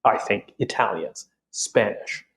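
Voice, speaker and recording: Man, podcast co-host, halting, restarts, easy laugh. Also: on the low side, fairly bright tone, slight background noise, rough recording. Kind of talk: casual podcast chat.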